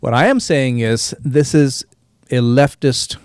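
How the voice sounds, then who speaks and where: Dry-voiced male podcast host, animated. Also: mid-range voice, takes it slowly, clear, resonant tone, no room sound. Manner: animated, mimics crowds in quoted voices. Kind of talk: casual studio discussion.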